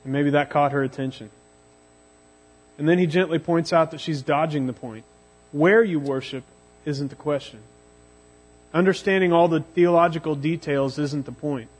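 A man preaching as youth pastor, retelling the story with drama and slowing right down on the phrases he wants to land. His speaking voice sits slightly higher than most men's. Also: slightly rough. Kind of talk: sermon.

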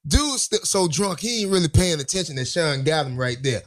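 A man co-hosting a podcast, telling a wild story in casual, profane chat and acting out the quotes loudly. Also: a little high, big pitch swings, brisk. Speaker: podcast co-host.

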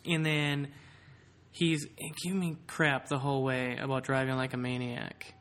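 A man's voice: mid-range voice, level tone, unhurried, fairly bright tone. A man hosting a casual podcast, telling a rambling story with many fillers. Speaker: podcast host.

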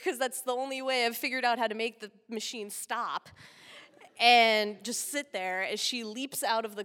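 A woman from Texas telling a comic story live, animated and laughing often. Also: mid-range voice. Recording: long hall reverb.

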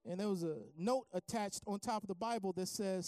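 A preacher giving a sermon, telling a story and building from calm teaching to shouted, sing-song preaching. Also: mid-range voice, brisk, faint music behind.

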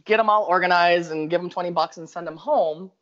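A Minnesotan woman telling a long story in an easygoing, animated way, laughing as she goes and talking in eager bursts. The audio is a little dull and lo-fi. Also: on the low side, fairly quick. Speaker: guest storyteller. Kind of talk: casual storytelling chat.

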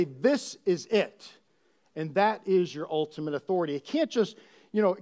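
A man preaching a sermon. He keeps asking rhetorical questions and talks in an animated way. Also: high voice. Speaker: pastor.

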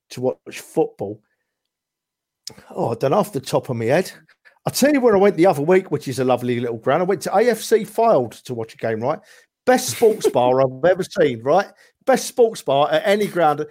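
Storytelling man. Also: a little high. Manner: animated storyteller, says "mate" and "right?" often. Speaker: podcast guest. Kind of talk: casual football chat.

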